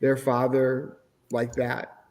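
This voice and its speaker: A man's voice: medium pitch, completely flat delivery, takes it slowly, darkish tone. A middle-aged man, a podcast guest, telling his personal faith testimony in an earnest, emotional way. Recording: long hall reverb.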